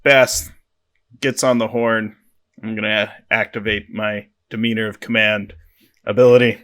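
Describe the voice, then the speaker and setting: A player in a tabletop game, quick to joke and laugh. His voice is bright and forceful. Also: lowish voice, level tone. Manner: laughing, joking. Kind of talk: casual tabletop game chat.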